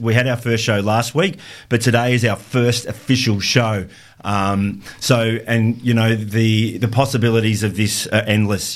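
A man co-hosting a community radio show, upbeat and rambling with fillers and restarts. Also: fairly low pitch. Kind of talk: casual radio chat.

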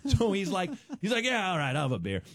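A man telling a rambling anecdote as a radio guest, jumping into the voices of the people in it. His pitch swings widely from low to high. The studio mic is close and dry, with no room sound. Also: fast talker, husky, dry recording. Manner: rambling, animated storyteller who acts out characters. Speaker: stand-up comedian guest. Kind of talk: telling a story on a radio show.

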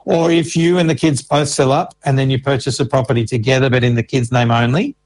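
A man's voice: mid-range voice, steady tone, a little fast, a little mellow, rough recording. A man, an information officer answering interview questions patiently and walking through examples step by step. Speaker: Services Australia financial information officer.

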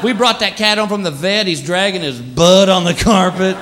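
A man doing a stand-up comedy routine in front of a live audience, animated, jumping into silly voices. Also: moderate pace. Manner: animated, jumps into silly high voices for pets. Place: comedy stage before a laughing audience. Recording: live club with loud crowd laughter and noise.

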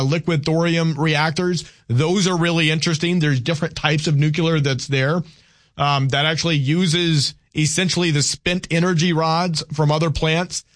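A man's voice: on the high side, a bit bright, dry recording, clean studio sound. Southern man hosting call-in radio. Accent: Southern American. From American South. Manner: halting, repeats words and restarts, argumentative with callers. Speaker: radio talk show host.

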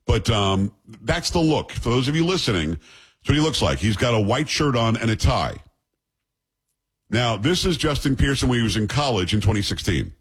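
A man's voice: medium pitch, big pitch swings, moderate pace, husky. A man hosting a show, giving blunt, scornful political commentary. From New York.

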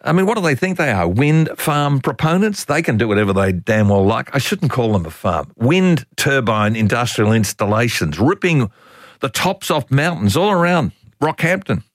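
Here an older Australian man hosts talkback radio at a normal speed, his voice medium in pitch with no echo. His talk is lively, exasperated and folksy, full of opinions and laughter.

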